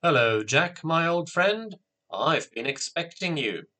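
A man voicing an ancient, kindly wizard who speaks quietly and calmly. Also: on the high side, voice pushed up, heavily acted. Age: older. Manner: quiet, unhurried, reassuring. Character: ancient wise male wizard, calm and kindly.

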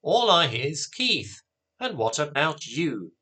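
A man's voice: on the high side, sing-song, slow, pushed and bright, breathy edge, full character voice. A man doing a fed-up mum. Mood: scolding. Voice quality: blunt, exasperated scolding. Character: angry worried British mother.

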